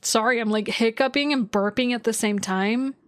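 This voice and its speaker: A woman's voice: a little high, moderate pace, dry recording, clean studio sound. A woman astrologer chatting casually on a livestream from home, loose and filler-heavy, with casual swearing.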